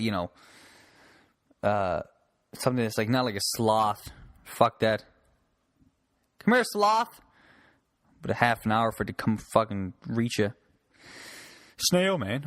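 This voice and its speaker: A man's voice: on the low side, normal speed, long pauses, a bit bright, no room sound, studio quality. A man from Newfoundland, a comic, rambling and swearing through a casual solo podcast. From Newfoundland, Canada. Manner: rambling, profane, joking. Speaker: podcast host and stand-up comic.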